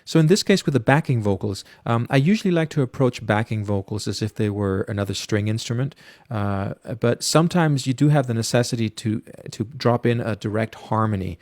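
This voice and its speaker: A man, a music producer, casually talking through a studio mixing tutorial with many pauses and fillers. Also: mid-range voice, expressive, darkish tone, no room sound. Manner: casual, hesitant, lots of fillers.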